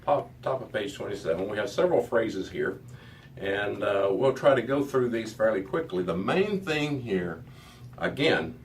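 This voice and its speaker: A middle-aged man teaching a Hebrew lesson to a class, methodical and repeating words as he goes. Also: fairly low pitch. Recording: distant mic with faint background noise.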